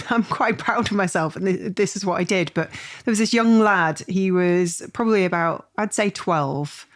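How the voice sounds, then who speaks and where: A woman hosting a podcast, chatting in a lively way and telling a personal story with plenty of fillers. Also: on the low side. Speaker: podcast host. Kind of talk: podcast interview conversation.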